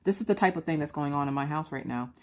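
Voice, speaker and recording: Brief: low-pitched middle-aged woman, chatty vlog rambler, animated storyteller. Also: fast. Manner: chatty, animated, acts out quotes of herself and her kids. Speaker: vlogger.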